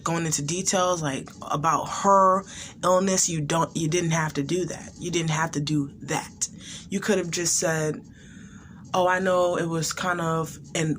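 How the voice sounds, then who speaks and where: A woman's voice: fairly low pitch, a little hiss or hum. Woman casually reacting to a video. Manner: conversational, thinking aloud with many restarts. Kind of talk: casual commentary.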